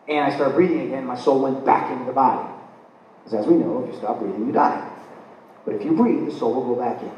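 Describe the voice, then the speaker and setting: A man giving a live spiritual lecture, telling his own stories in an animated way and acting out his reactions. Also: a little high. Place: lecture hall. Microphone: recorded from the audience. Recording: very echoey room, voice from far off, faint room noise.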